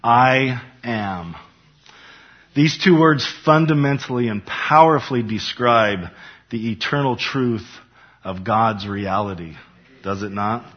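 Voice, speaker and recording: A man's voice: medium pitch, takes it slowly, husky, dull audio. A man preaching a Bible study, building emphasis as he reads scripture aloud. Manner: emphatic, rising for scripture quotes. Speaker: pastor.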